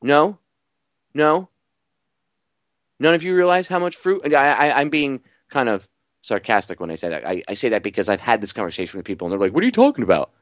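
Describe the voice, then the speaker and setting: A man hosting a talk radio show, delivering an animated, sarcastic monologue full of rhetorical questions. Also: mid-range voice, brisk, long pauses, dry recording, studio quality.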